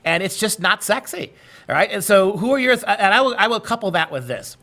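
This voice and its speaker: A man with a somewhat high, bright and forceful voice hosts an interview. He talks earnestly and conversationally, often breaking off a word to restart his thought. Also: lively intonation, moderate pace, vocal fry. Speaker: host.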